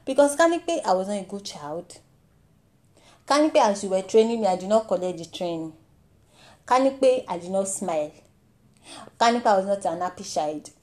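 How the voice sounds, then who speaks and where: A young woman with a Nigerian accent delivering a comic monologue, mock-indignant and animated, mixing in pidgin and Yoruba phrases. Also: mid-range voice, fairly quick, pauses often.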